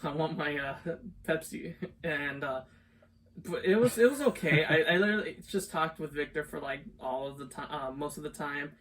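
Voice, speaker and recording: A man's voice: fairly high pitch, a little fast, fairly bright tone. A young man co-hosting a podcast, telling stories in a rambling, casual way full of filler words. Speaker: podcast co-host. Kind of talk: casual chat. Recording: distant mic, faint background noise.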